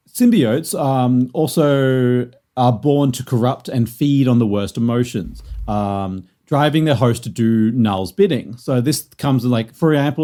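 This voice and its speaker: A man's voice: medium pitch, dark tone. Rambling casual male podcast host. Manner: rambling, lots of fillers and restarts. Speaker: podcast host presenting the lore. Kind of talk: casual chat.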